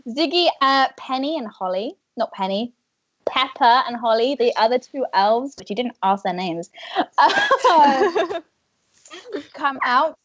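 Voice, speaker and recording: Slow-narrating woman game master. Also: high-pitched, big pitch swings, fairly bright tone, dry recording, lo-fi sound. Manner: vivid, unhurried storytelling.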